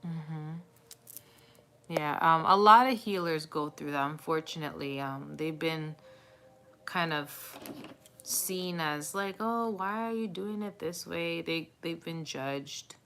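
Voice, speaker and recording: A woman's voice: low-pitched, slow, a bit bright. A woman doing a live tarot reading, talking in a chatty, reassuring way with many fillers and frequent laughs. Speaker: tarot reader.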